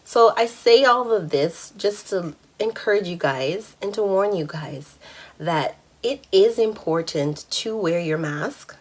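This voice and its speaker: A woman's voice: mid-range voice, animated, slow. A woman in her thirties telling a personal story in a candid, chatty vlog, laughing now and then. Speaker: vlogger.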